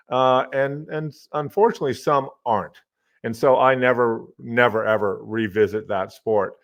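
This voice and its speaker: A middle-aged man, a college professor hosting his own podcast, telling casual stories in a lively way, swearing now and then and muttering to himself as he fiddles with his desk microphone. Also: mid-range voice, lo-fi sound. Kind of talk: casual storytelling monologue.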